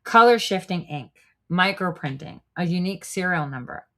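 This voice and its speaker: A woman's voice: on the low side, expressive, moderate pace, fairly bright tone. A woman voicing a smug male foreign spy who taunts Americans, reading his lines dramatically with a mocking, lecturing tone. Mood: gloating.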